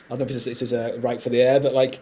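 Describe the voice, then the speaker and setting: A middle-aged man, telling stories as a podcast guest in animated, rambling talk. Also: mid-range voice, a little hiss or hum. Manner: fast, animated anecdote-telling with frequent laughs. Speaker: guest composer. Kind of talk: casual podcast interview storytelling.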